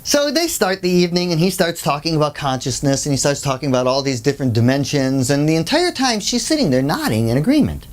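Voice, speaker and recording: Animated storytelling workshop speaker. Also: medium pitch, quick pace, few pauses. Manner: animated storyteller who acts out the people in the story; conversational, with many asides. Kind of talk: storytelling lecture.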